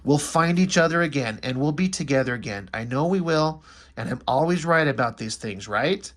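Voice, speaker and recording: A loving young wife from a comic book, pleading with urgent, earnest reassurance. Her voice sits a little high, as a man reads her lines in a comic recap. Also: expressive, normal speed, fairly bright tone.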